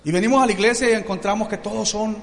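A man preaching a bilingual sermon as pastor, lively and humorous, acting out little scenes. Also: sits high, very fast, vocal fry.

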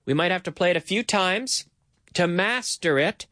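A man with a slightly raised voice hosts a relaxed English lesson. He explains things slowly, repeats key phrases, and adds Spanish translations. His voice sounds dry, with no room sound. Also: sits high, no room sound. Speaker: English teacher host. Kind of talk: casual language lesson.

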